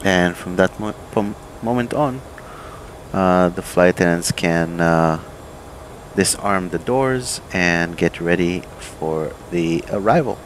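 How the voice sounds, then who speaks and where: A man, an airline pilot, calmly walking through aircraft procedures in a relaxed, think-aloud way, with plenty of fillers and restarts. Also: deep voice, slow pace, a little hiss or hum, poor audio. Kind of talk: casual instructional walkthrough. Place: home desk with flight simulator.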